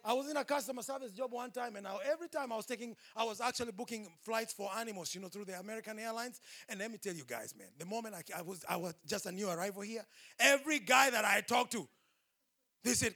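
A man preaching a sermon, impassioned and rising to shouts. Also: high-pitched, fast, creaky.

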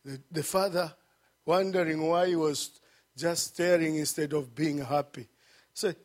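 Male preacher in a sermon, raised pitch, slow and deliberate, bursts loud then drops quiet. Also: fairly even intonation. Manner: swings between shouted peaks and hushed low passages; repeats phrases for emphasis.

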